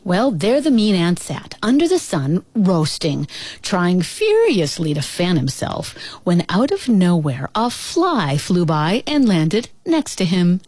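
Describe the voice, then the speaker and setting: A woman telling an animated animal story aloud in an expressive way, calling her listeners brothers and sisters. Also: fairly low pitch, slow pace, dry recording.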